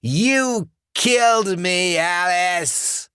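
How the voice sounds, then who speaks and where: A man voicing a rotting undead ex-boyfriend with a croaking, death-rattle voice, slow and menacing. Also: on the low side, animated, fairly bright tone, no room sound, clean studio sound, full character voice. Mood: raging. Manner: slow, drawn-out, sing-song menace.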